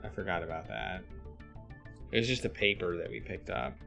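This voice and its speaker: A man's voice: deep voice, animated, normal speed, vocal fry, bright, forceful tone. A man streaming a live text adventure, thinking aloud, reading the game text and greeting his chat. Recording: faint music behind.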